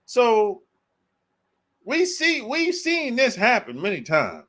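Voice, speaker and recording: A man's voice: extremely high pitch, huge pitch swings, slow, bright, forceful tone. A man hosting a dating channel, giving a casual, blunt, slangy opinion monologue and repeating his points.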